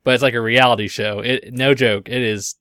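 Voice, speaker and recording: A young man talks casually on a podcast, laughing and telling stories with animation. His voice is bright and sits close and dry on the mic. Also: medium pitch, fairly even intonation, fairly quick, clean tone, dry recording. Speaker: podcast co-host. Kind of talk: casual chat.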